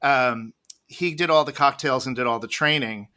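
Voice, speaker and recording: A man's voice: mid-range voice, normal speed, bright, forceful tone, clean tone. A man guest on a podcast, telling long, rambling stories with many restarts and laughs. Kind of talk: casual storytelling interview.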